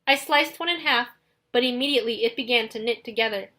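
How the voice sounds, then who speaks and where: A woman narrating an audiobook in the first person, in a steady, dramatic storytelling manner. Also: fairly high pitch, quick pace.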